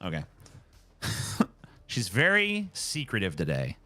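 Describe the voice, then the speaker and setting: A male live streamer ranting from home with a lively, swooping delivery and plenty of swearing. His voice is bright and forward, close and dry on the mic. Faint music plays behind him. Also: lowish voice, takes it slowly. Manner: animated, profane, ranting. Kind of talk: casual live-stream chat.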